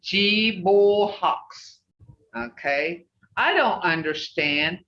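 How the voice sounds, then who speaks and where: A woman's voice: on the low side, expressive, a little slow, fairly bright tone, distant mic. An older woman grandmother leading an online language class, drilling syllables and laughing often. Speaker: language teacher. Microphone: video call. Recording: dull roomy video call audio.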